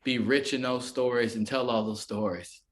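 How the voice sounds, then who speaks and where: A man's voice: medium pitch, fairly even intonation, normal speed, a little hiss or hum. A man talking as a podcast guest in a loose, casual way, full of fillers and little acted-out quotes. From United States. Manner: rambling, filler-heavy, often acts out quoted voices.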